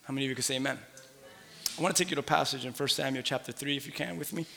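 A man in his thirties preaching a sermon, leading the congregation in call-and-response, swinging between shouted lines and hushed asides. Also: medium pitch, racing, creaky. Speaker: pastor. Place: church sanctuary. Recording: long hall reverb.

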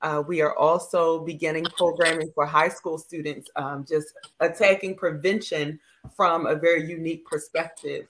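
A woman's voice: deep voice, fairly even intonation, moderate pace, background noise. Matter-of-fact woman, nonprofit founder. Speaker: nonprofit founder, panel guest. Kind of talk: casual panel introduction.

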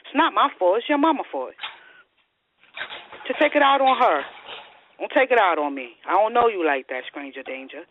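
A woman's voice: medium pitch, big pitch swings, moderate pace, pauses often, a little hiss or hum. A woman ranting furiously in online voice chat, hurling repetitive profane insults. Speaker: voice chat participant. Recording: tinny phone-like voice chat audio.

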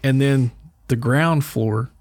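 A man's voice: mid-range voice, slow pace. A man hosting a podcast, telling a story in casual chat and chuckling as he talks. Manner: animated storyteller, chuckles while talking. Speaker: podcast host.

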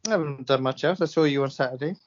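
A man's voice: medium pitch, fast, no room sound, muffled recording. A man co-hosting a casual podcast chat, teasing and full of cheeky banter. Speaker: podcast co-host.

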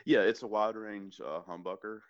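A man's voice: on the low side, steady tone, normal speed, lo-fi sound. A man with a Southern US accent, a church worship leader guesting on a podcast, talking easygoing and rambling with many restarts. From American South. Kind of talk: casual chat.

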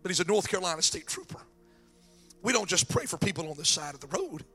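A man preaching a sermon and telling a story, excitable and repeating words as he builds up, his throat strained. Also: high-pitched, fast talker, husky, faint music behind. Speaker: pastor.

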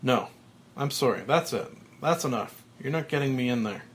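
A man voicing a panicked, manic middle-aged TV executive who shouts in a shrill voice. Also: animated, normal speed, a little hiss or hum, lightly acted.

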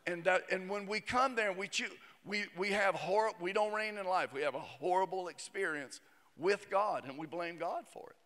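A male pastor with a high voice preaches a sermon, talking casually and dropping joking asides. The sound has the long reverb of a large hall. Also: moderate pace, sharp tone.

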